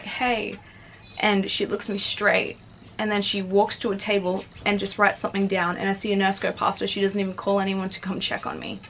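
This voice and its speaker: A woman's voice: mid-range voice, fairly bright tone, a little hiss or hum. A young adult woman vlogger casually telling a personal story, chatty and full of fillers. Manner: chatty, filler-heavy, frequently says "like".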